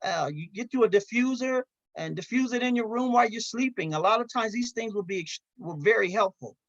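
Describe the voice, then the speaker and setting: A man's voice: high voice, a little fast, no echo, dull audio. A man presenting a seminar in an informal, conversational way, often restarting his phrases. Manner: conversational, folksy, with frequent restarts and light laughs.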